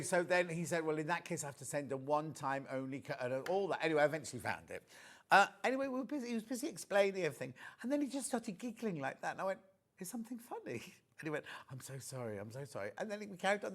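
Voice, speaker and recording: Chatty man in his sixties, lively pitch. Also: racing. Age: 60s. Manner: chatty, anecdotal, animated storyteller. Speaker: shopping channel presenter. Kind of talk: live TV shopping chat. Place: TV studio.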